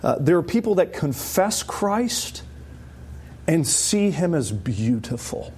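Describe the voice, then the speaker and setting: A man preaching a sermon to a congregation, animated and emphatic, often rising sharply in pitch for stress. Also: slow, slightly rough.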